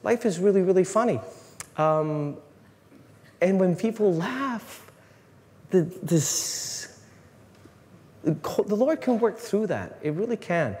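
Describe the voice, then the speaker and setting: A man, a priest, giving an animated, joking talk to a live audience, often restarting his sentences. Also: high-pitched, takes it slowly, pauses often. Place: large hall. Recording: long reverb in a hall, faint room noise.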